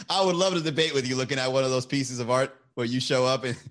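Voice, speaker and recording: A man's voice: medium pitch, steady tone, normal speed, a bit bright. A man hosting a casual live stream, rambling, joking and swearing, and laughing often between lines.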